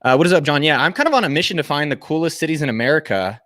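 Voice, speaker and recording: A man's voice: on the high side, lively intonation, racing, fairly bright tone, no room sound, clean studio sound. A man hosting live office hours from a friend's home, chatting casually, joking, swearing freely and greeting viewers by name. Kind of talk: casual livestream chat.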